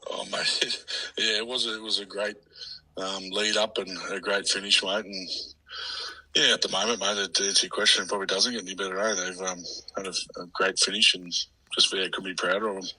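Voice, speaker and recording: Flat, low-voiced coach. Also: male voice, fairly quick, breathy edge, dry recording, rough recording. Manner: laid-back, matey, says mate often. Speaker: football coach. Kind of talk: casual radio interview.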